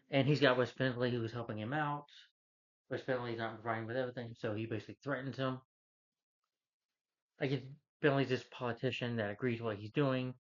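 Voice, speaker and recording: Man rambling through a movie recap. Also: medium pitch. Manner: rambling, loose retelling full of "he's like". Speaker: movie reviewer. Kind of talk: casual movie recap rant. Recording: dull lo-fi recording.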